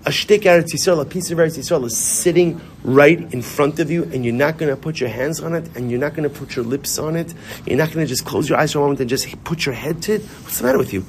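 A man giving an informal, animated Torah class in a synagogue, repeating his points and mixing in Hebrew and Yiddish terms. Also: on the high side, fast, slight background noise. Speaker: rabbi.

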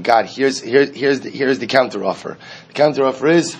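A man teaching a daily Talmud class, chanting the Aramaic text and then explaining it in English in an animated classroom manner. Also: medium pitch, fast talker, breathy edge.

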